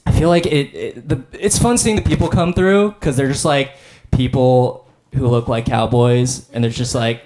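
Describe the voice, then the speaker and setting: A man's voice: mid-range voice, moderate pace, a little mellow. A young man doing a stand-up comedy set on stage, rambling in a laid-back way with lots of "like" and "I don't know". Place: comedy stage before a live audience.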